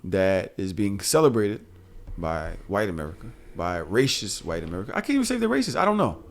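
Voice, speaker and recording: Animated, laughing male podcast host. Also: deep voice, fairly quick. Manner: animated, profane, laughs often. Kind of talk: casual podcast chat.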